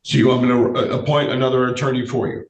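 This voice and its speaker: A male judge with a voice he says is giving out, speaking in a measured way, often repeating phrases and using fillers during a courtroom hearing. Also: medium pitch, little pitch movement. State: losing his voice. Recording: echoey room, distant mic, faint noise.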